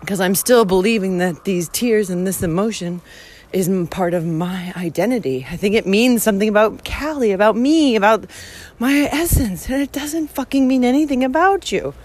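A woman's voice: mid-range voice, moderate pace, darkish tone. Blunt, profane woman vlogging outdoors. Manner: profane, blunt, laughs often. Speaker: hiking vlogger. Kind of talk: casual rant while walking.

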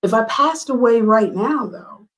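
Woman guest sharing her story, earnest and emphatic, gets really high and animated at the big moments. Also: a little slow, rough recording. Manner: earnest, emphatic, rising high when excited. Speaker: interview guest. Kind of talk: candid personal storytelling.

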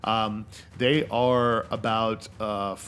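A man's voice: on the low side, level tone, drawn-out words, a bit bright, a little hiss or hum. A man running a tabletop role-playing game, describing scenes with many fillers and restarts. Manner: rambling, filler-heavy narration. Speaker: game master.

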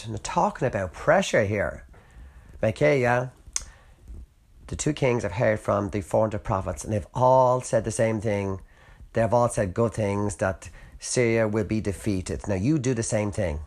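A man preaching an earnest, emphatic sermon, reading scripture aloud and posing rhetorical questions. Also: fairly low pitch.

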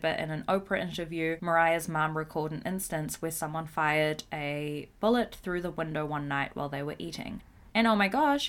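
Woman, podcast host, chatty, giggly, slightly low voice. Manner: chatty, giggly, expressive asides. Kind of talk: casual chat.

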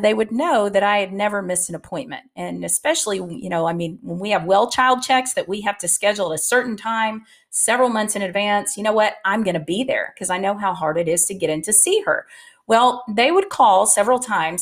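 A middle-aged woman with a medium-pitched voice speaks casually and candidly to practice teams, offering advice and telling stories. Her speech is full of filler words.

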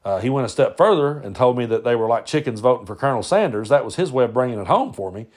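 A man's voice: medium pitch, expressive, quick pace, a little mellow. A middle-aged man from Tennessee with a Southern accent, hosting a podcast and telling a personal story in a folksy, plainspoken way with frequent restarts. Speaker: podcast host.

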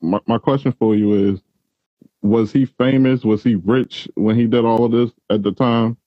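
A man's voice: mid-range voice, steady tone, normal speed, no room sound, lo-fi sound. A male host who speaks in a reflective, encouraging way and asks probing questions. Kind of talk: interview, motivational talk.

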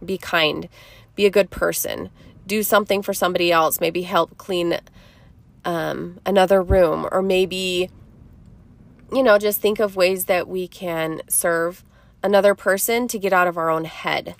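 A woman, a mother hosting her own podcast, giving gentle, reassuring self-help advice in a casual monologue and often checking in with her listeners. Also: fairly low pitch, fairly even intonation, unhurried, gravelly.

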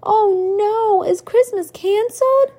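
Mom doing a whiny little boy, high and kinda raspy. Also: very animated, measured pace, a little mellow, full character voice. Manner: whiny, plaintive.

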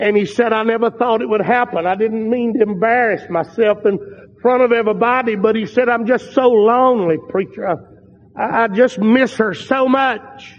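An older man preaching a sermon with fervent, drawn-out emphatic phrases. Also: high-pitched. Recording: dull lo-fi sound in a large reverberant hall.

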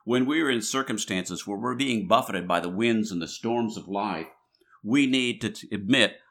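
A man's voice: lowish voice, normal speed, gravelly, a bit bright. A man preaching a sermon in a conversational way, reading scripture aloud, with frequent restarts and filler words.

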